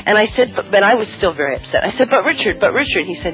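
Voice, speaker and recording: A woman's voice: mid-range voice, animated, quick pace, hardly any pauses, faint music behind. A woman giving an intense, emphatic account as a guest on a radio talk show. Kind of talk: radio interview. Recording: muffled radio broadcast.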